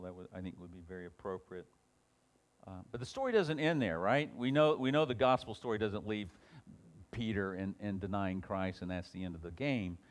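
A man teaching an informal Bible class, reading scripture aloud and then talking it over with frequent restarts. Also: sits low. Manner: reads scripture aloud with rising emphasis, then talks it over with many restarts.

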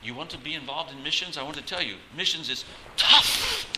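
A man's voice: a little high, very animated, a little fast, heavy background noise, pitched above the performer's own voice. A man quoting a blunt, emphatic older male missions teacher, raising his voice above his own to hammer the words home.

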